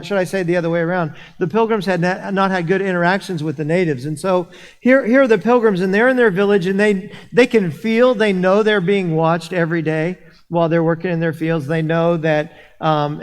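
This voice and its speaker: Male pastor with a high voice. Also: smooth. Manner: storytelling with frequent restarts and repeated words. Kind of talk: sermon. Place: church sanctuary. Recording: long hall reverb.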